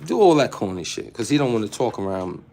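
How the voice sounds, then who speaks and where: A man's voice: mid-range voice, very animated, fast, noisy background. A man talking in streetwise slang while vlogging from his workplace on a handheld phone, jumping between topics. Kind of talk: casual vlog commentary. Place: his workplace, walking around.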